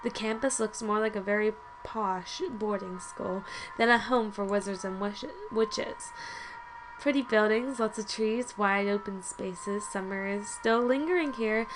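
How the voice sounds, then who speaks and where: A woman's voice: medium pitch, a little slow, noisy background. A woman reading a story game aloud with chatty asides, often stumbling and correcting herself. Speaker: let's play host.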